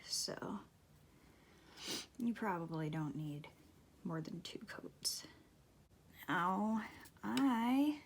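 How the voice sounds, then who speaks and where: A middle-aged woman giving a casual nail tutorial at home, talking slowly and softly, often dropping to near-whispers. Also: mid-range voice, gravelly, a little hiss or hum. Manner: slow, soft-spoken, drops to near-whispers. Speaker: beauty vlogger. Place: home, at a table.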